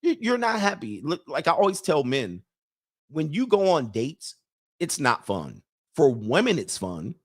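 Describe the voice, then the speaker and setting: A man's voice: on the high side, very animated, a little slow. Blunt man giving dating advice. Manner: blunt, preachy, laughs at his own points; acts out other people's lines in put-on voices. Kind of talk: casual unscripted monologue.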